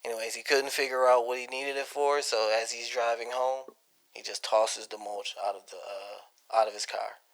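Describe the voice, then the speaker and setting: A man co-hosting a podcast in casual chat, laid-back and telling long jokes with slow pauses. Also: medium pitch, fairly even intonation, fairly bright tone, low-quality recording. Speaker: podcast co-host.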